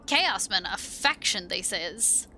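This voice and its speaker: A woman reading game lines aloud as a rough, grieving slum woman who talks slowly in coarse street slang. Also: medium pitch, expressive, pushed and bright, slight background noise, voice pushed down, heavily acted. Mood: bitter. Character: rough, grieving woman of the hive slums, bitter.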